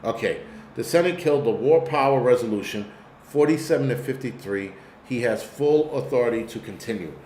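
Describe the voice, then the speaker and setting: A man's voice: mid-range voice, expressive, brisk, darkish tone, roomy sound, a little hiss or hum. A man with a New York accent hosting a live-stream commentary, talking bluntly and swearing as he rambles. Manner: blunt, profane, rambling rant. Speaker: host.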